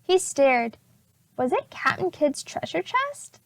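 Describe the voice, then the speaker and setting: Lively high-voiced woman reading aloud. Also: creaky, slight background noise. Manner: slow, expressive storybook reading. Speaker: preschool teacher. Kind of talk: reading a chapter book aloud to children.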